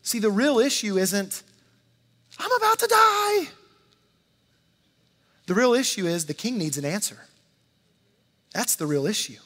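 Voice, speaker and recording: High-voiced preacher in a reverberant hall. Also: male voice, expressive, moderate pace. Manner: conversational preaching, dramatizes quotes, repeats words. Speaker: pastor. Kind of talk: sermon.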